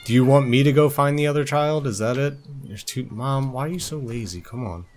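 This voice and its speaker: Video game let's play: a man doing a newborn lynx cub, sassy and mock-whiny, nagging mom, mid-pitched voice. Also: a little fast, a little mellow, a little hiss or hum, natural voice. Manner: joking, mock-whiny complaints, frequent laughs. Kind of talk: let's play commentary in character.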